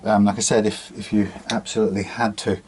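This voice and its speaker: A man with a lowish voice talks casually through a fret repair at his workbench, thinking aloud with plenty of fillers and restarts. Loud rasping from a file and sanding runs under his speech. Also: flat delivery, brisk. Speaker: guitar repair technician. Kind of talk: casual workshop demonstration. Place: workshop bench. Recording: loud workshop filing noise. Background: file rasping and sanding on metal frets.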